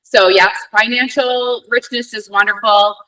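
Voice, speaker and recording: A woman moderates a virtual question-and-answer session in an upbeat, encouraging way. Her voice is high and bright, with a crisp edge. It sounds distant from the microphone. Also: fairly even intonation, unhurried. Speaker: event moderator. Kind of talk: hosting a virtual Q&A. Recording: distant mic on a virtual event.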